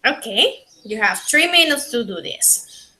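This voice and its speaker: A woman with a Panamanian Spanish accent teaching an online linguistics class in English, her second language, repeating key points slowly. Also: fairly high pitch, sing-song, bright, forceful tone, rough recording. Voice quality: slow, repetitive teaching delivery. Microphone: video call.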